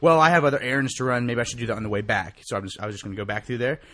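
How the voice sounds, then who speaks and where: A young man co-hosting a casual podcast, telling a story in a profane, animated way and acting out quotes with sharp rises in his voice. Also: medium pitch, rapid-fire, dry recording.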